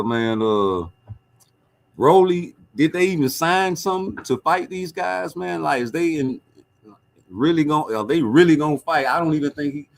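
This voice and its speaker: A man hosting a boxing livestream, reading viewer chat and trading profane, joking banter in animated, casual commentary. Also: medium pitch.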